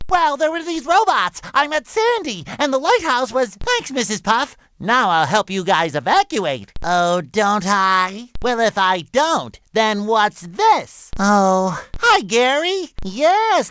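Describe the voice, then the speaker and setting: An actor voicing a cheerful, excitable young male sea sponge hero in video game dialogue, his pitch jumping about. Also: dry recording, clean studio sound. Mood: eager. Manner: excitable, bouncy, shifts pitch wildly.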